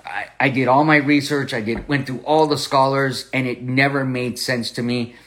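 A man's voice: mid-range voice, steady tone, moderate pace, fairly bright tone. Earnest male Bible podcast host. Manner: earnest storytelling with frequent restarts. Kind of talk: podcast Bible study and personal testimony.

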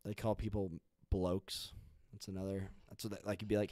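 A man's voice: fairly low pitch, little pitch movement, a little fast, warm tone, dry recording, studio quality. A young man hosting a podcast, chatting casually and rambling with lots of fillers and restarts. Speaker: podcast host. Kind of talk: casual chat.

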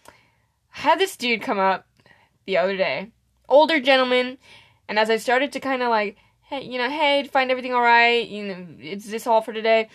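Young woman, higher voice, casual chat, animated storytelling, mimics customers. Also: moderate pace. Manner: animated storyteller, acts out customers' lines, laughs often. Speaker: podcast co-host.

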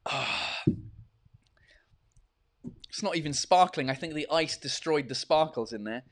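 A man with a slightly high voice hosts a casual live-stream podcast, talking animatedly and a little fast. He rambles and swears freely while chatting from a hot room with a fan running.

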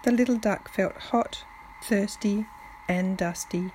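A woman reading a children's picture book aloud to family, gently, with soft whispered touches. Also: mid-range voice, slow, a little hiss or hum, low-quality recording. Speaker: family storyteller.

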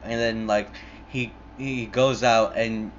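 A man's voice: fairly low pitch, fairly even intonation, takes it slowly, slight background noise. A young man casually retelling a movie plot in a rambling, profane way, full of "like" and restarts. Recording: muffled lo-fi recording.

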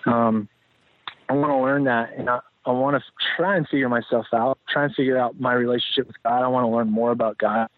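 On a dry, tinny, phone-like line, a male podcast guest talks a little fast with a mid-range voice and steady tone. His casual interview answers are reflective and meandering, with many fillers and false starts.

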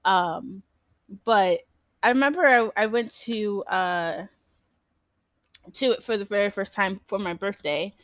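A woman's voice: medium pitch, unhurried, pauses often, a bit bright, no room sound. A young woman hosting a casual solo podcast, rambling with lots of fillers and restarts and laughing often. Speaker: podcast host.

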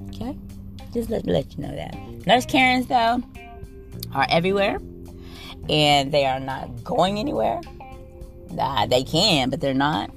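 A woman's voice: deep voice, vocal fry. A woman who works as a nurse, telling a work story in a blunt, profane, sassy rant and talking straight to her listeners.

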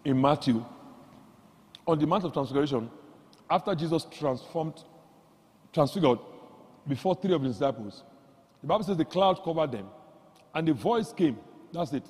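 A man preaching a sermon, swinging from quiet asides to loud exclamations and leading the congregation in call-and-response. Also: normal speed, pauses often, slightly rough. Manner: animated, jumps from low asides to loud exclamations. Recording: long hall reverb.

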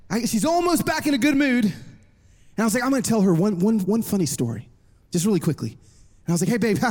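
A man in his thirties preaching a sermon to a congregation, telling a lively personal story with jokes. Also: sits high. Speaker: worship pastor. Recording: long reverb of a large hall.

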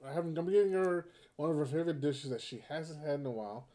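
A man's voice: a little high, animated, quick pace, warm tone. A man in his thirties co-hosting a podcast, chatting casually and telling stories, laughing and acting out his son's lines. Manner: loose, laughing storyteller who acts out his son. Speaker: podcast co-host. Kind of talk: casual chat.

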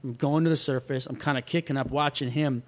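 A man's voice: medium pitch, a little fast. A man who surfs, telling a wild story in casual chat, acting out the voices of the people in it and swearing freely. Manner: animated, acts out quoted voices, swears freely. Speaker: guest.

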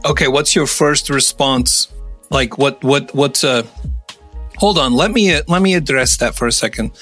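A man with a mid-pitched voice talks casually on a podcast, pausing and restarting as he searches for words. Faint music sits underneath. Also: a bit bright. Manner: halting, hesitant. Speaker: podcast co-host.

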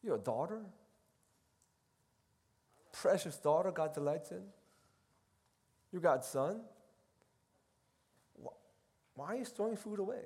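A middle-aged man and seminary professor giving a casual, animated talk at a retreat, moving between loud and soft as he acts out quoted voices. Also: high-pitched, takes it slowly, long pauses, slightly rough. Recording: long hall reverb.

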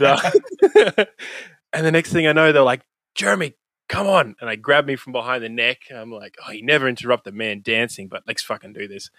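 A man with an Australian accent spins a rambling story, laughing often and swearing freely. His voice sits at an ordinary middle pitch. The sound is dry and close, with hardly any room behind it. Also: bright, forceful tone, no echo. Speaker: podcast host, guest. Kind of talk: casual storytelling chat. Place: home room with bookshelves.

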